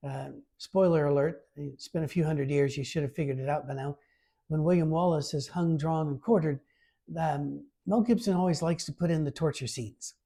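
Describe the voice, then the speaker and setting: A man preaching a conversational sermon, informal and lively, reading scripture aloud with emphasis. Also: a little high, gravelly, slightly rough. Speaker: pastor.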